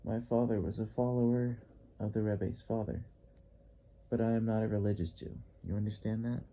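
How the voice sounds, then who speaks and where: A man's voice: on the low side, steady tone, normal speed, highs cut off, close to an everyday voice. A man voicing a blunt, strong-voiced Russian-accented artist. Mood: commanding. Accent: vague Russian. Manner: blunt, insistent, repeats commands. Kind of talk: audiobook character reading.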